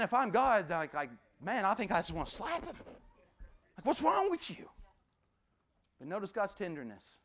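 Here a man in the pulpit delivers an emphatic sermon in a voice that sits high, hammering key phrases through repetition. Now and then he sinks to a near whisper.

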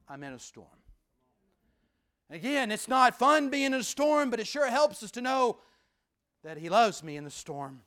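A man preaching a sermon as pastor, with rhythmic repetition and sudden drops from loud to hushed. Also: very high-pitched, big pitch swings, normal speed, pauses often.

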